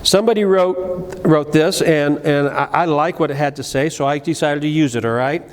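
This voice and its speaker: A middle-aged man preaching a sermon, telling a personal story, moving between loud emphatic lines and low quiet asides, with frequent restarts. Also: moderate pace. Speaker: pastor. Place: church sanctuary. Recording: live church recording with long reverb and faint room noise.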